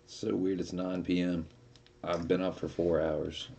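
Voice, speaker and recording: Young male streamer, low dark voice, profane and rambling casual chat. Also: level tone, measured pace, creaky, slight background noise. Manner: rambling, profane, laughs often.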